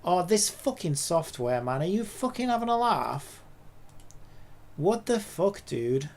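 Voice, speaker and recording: A woman's voice: on the low side, sing-song, unhurried, darkish tone. A woman, a game developer, talking to herself in a casual dev log, frustrated and swearing a lot.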